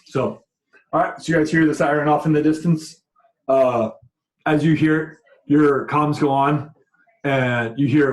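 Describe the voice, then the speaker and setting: A man narrating a tabletop game as game master, halting with many fillers. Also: a little high, steady tone. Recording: roomy echo.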